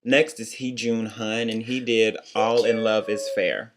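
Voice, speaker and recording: A young man co-hosting a casual review chat, giving blunt, sassy critiques with quick asides. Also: lowish voice, flat delivery, noisy background. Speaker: co-host reviewing singing contest.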